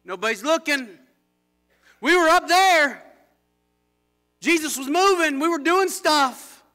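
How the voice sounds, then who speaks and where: Male pastor, high and very bright voice, fervent sermon delivery with big swings in intensity. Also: slow, faint music behind. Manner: fervent preaching, swings from low intensity to shouting. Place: church.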